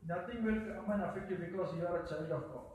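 A man preaching a sermon, halting and repeating himself, with many fillers and frequent hallelujahs. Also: sits high, darkish tone. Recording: echoey room, picked up from a distance.

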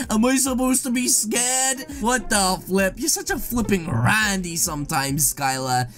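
A woman hosting an excited gameplay commentary video, dramatic and excitable, reacting with exaggerated shock. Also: medium pitch, measured pace, faint music behind. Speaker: gaming video host.

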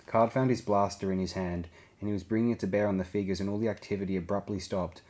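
A man reading a science fiction audiobook aloud, giving the characters' lines small shifts in pitch and volume. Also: fairly even intonation, fast talker, darkish tone. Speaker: audiobook reader. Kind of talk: scripted narration.

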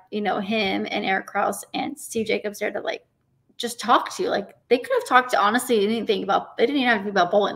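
Animated woman telling her story. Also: mid-range voice. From Arizona, US. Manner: animated storyteller, acts out her own inner thoughts. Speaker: guest, professional bowler. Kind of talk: casual interview.

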